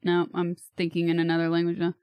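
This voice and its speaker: A woman's voice: fairly low pitch, monotone, quick pace, clear, resonant tone, no echo, highs cut off. A woman from California streaming live, thinking aloud in a hesitant way and laughing at herself. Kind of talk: casual livestream chat.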